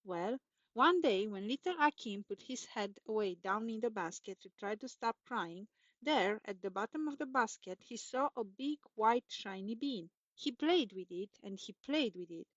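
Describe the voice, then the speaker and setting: A woman's voice: mid-range voice, expressive, normal speed, no room sound. Woman reading a children's story aloud. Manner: lilting, repetitive storytelling. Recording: dull, dry recording.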